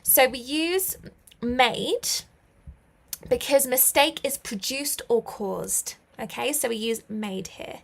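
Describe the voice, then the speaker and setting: A woman's voice: on the high side, slow, gravelly. A young British woman teaching English in a live online lesson, encouraging learners and praising them often with light laughs.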